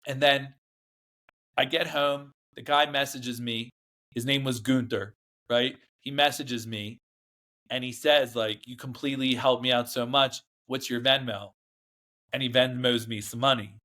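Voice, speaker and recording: A man's voice: medium pitch, steady tone, unhurried, sharp tone. A man, a guest in an interview, recounting his past in a rambling, emphatic way, often acting out what others said. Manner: rambling, emphatic, acts out quoted dialogue. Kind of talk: candid storytelling interview.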